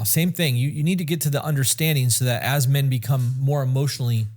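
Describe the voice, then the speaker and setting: Blunt, swearing man with a mellow voice. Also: medium pitch, fairly even intonation, fast. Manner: blunt, heavy swearing, rambling. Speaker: podcast co-host. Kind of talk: casual podcast chat.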